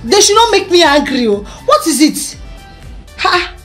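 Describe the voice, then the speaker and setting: A woman's voice: sits high, sing-song, normal speed, faint music behind. A Nigerian woman hosting a news commentary show, ranting with exasperation, firing off rhetorical questions and mixing in Igbo phrases.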